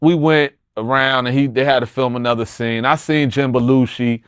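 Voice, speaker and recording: A man's voice: medium pitch, steady tone, moderate pace, clear, resonant tone, no room sound, studio quality. A middle-aged man telling a long story as an interview guest, profane and emphatic, often restarting his sentences. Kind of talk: animated storytelling.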